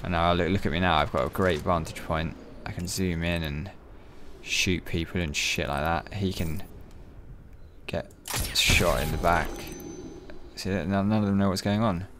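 A man giving profane, excitable, joking let's-play commentary. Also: deep voice, moderate pace, slight background noise. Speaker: gaming channel host.

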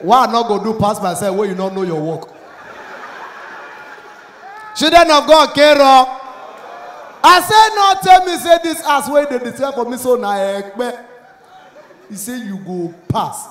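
A man with a Nigerian accent performing stand-up, acting out both sides of a story in Pidgin and rising to shouts at the punchlines. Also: extremely high pitch, normal speed. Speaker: stand-up comedian. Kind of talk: stand-up comedy routine. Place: comedy club stage with a live audience. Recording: echoey live venue, faint crowd noise.

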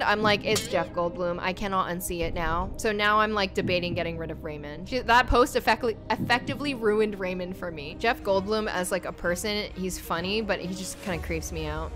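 A woman streaming a game in casual chat, gushing and excitable, often breaking into laughter. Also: medium pitch. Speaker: gaming streamer. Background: background music.

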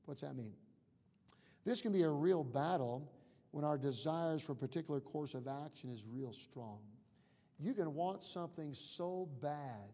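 A male pastor preaching a sermon in earnest, repeating key words and dropping quiet and low when he voices prayers. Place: church sanctuary. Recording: long reverb of a church hall.

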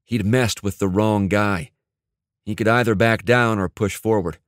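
Guy reading an audiobook, lowish voice, steady and even, dry sound. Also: a little slow, no echo. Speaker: audiobook narrator. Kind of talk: scripted audiobook narration.

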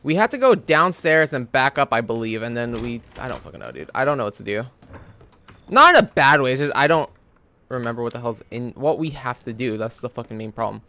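A man's voice: mid-range voice, very animated, fairly quick. Profane, jumpy young male gamer. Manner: profane, jumpy, yells when scared. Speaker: gamer, let's-play host. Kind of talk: casual gameplay commentary.

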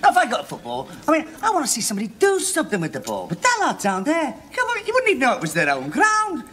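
An actor playing a cheeky, argumentative young Liverpudlian man in a 1970s sitcom, mocking and quick to argue back. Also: very high-pitched, huge pitch swings, bright, forceful tone, a little hiss or hum, exaggerated voice. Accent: Liverpool Scouse.

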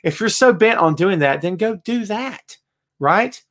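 Excitable man ranting on a show. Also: high voice, a little slow. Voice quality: animated, excitable, ranting delivery. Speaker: wrestling podcast host. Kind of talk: live show, reading chat comments.

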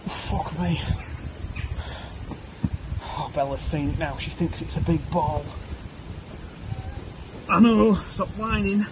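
A man's voice: a little high, slow, pauses often. A man giving a jokey, sweary running commentary to his dog while he builds a snowman outside on a snowy street. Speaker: podcast co-host. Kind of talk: casual vlog. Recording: outdoor camera audio with ambient noise. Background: outdoor ambience and a barking dog.

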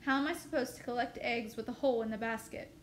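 A woman's voice: on the high side, quick pace, slight background noise, lightly acted. Woman reading a cocky older brother. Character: older brother, young man, proud and cocky. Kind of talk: reading a novel aloud.

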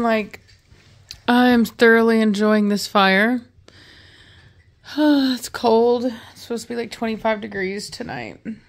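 A woman's voice: fairly high pitch, creaky. A woman hosting a casual vlog by the fire, slipping into affectionate baby talk with her puppies. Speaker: dog breeder and channel host. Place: indoors by a fire. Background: dogs.

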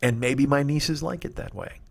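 A man's voice: medium pitch, a little fast, vocal fry. Profane rambling man in his forties. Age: 40s. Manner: profane, rambling, nostalgic rants. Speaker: comedy podcast host. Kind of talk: rambling comic monologue.

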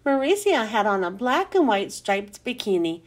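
A woman reading a children's chapter book aloud, slow and expressive. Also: fairly high pitch.

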